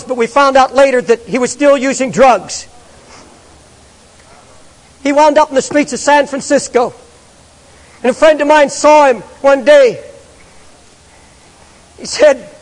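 A man preaching a fervent, pleading sermon, repeating himself as he presses his point. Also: very high-pitched. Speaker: pastor. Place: large church with balcony. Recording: reverberant church sanctuary.

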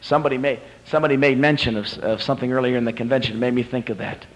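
A male preacher giving a sermon at a convention, retelling a story dramatically and swinging from hushed to climactic. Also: medium pitch, fairly even intonation, rapid-fire, poor audio.

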